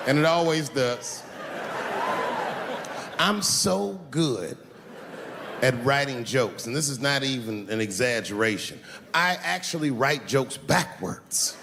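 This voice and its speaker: A male comedian working a live stage with animated, profane storytelling, his voice jumping high and low. It sounds like a large hall with long reverb and a lot of background noise. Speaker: stand-up comedian. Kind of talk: stand-up comedy. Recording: reverberant hall with noisy ambience.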